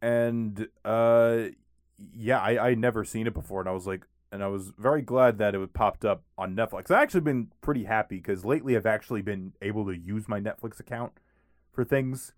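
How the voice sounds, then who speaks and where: Lower-voiced man rambling about movies. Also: a little fast, no room sound, studio quality. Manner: rambling, many fillers like "like" and "uh". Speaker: podcast co-host. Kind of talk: casual chat about movies.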